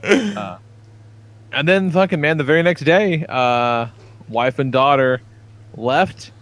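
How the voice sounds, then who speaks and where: A man's voice: a little high, slow pace, fairly bright tone, dry recording. Rambling, profane man on a podcast. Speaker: podcast co-host. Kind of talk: casual podcast chat.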